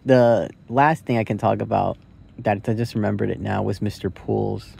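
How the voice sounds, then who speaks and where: A young man records a loose, rambling movie review on his phone, thinking aloud and cursing casually. His voice is low and dark, with a husky, gravelly edge. He fills his talk with "like" and "right". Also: steady tone, moderate pace, slight background noise. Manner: rambling, curse-laden, thinks aloud with many likes and rights.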